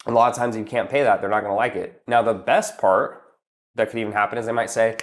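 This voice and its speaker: A man's voice: fairly low pitch, fairly even intonation, fast talker. A man giving casual business advice as a coach, blunt and emphatic, swearing freely and calling the listener "bro" while he walks through numbered steps.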